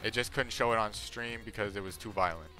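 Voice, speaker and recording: A man commentating on a video game playthrough in a playful, jokey way with bursts of loud excitement. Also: on the low side, fairly quick, soft background music. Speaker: gaming streamer. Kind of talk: let's play commentary.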